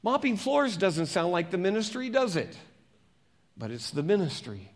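Guy pastor with a pretty high voice, reads scripture slow then chats with the church like they're friends. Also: sing-song. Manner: conversational, asks the congregation questions; reads scripture slowly and deliberately. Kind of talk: sermon with scripture reading.

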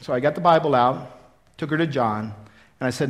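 A man in his fifties preaching a sermon, telling his own story in an earnest, repetitive way that swings from loud emphasis to quiet. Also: mid-range voice, a little fast, pauses often. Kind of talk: sermon with personal testimony.

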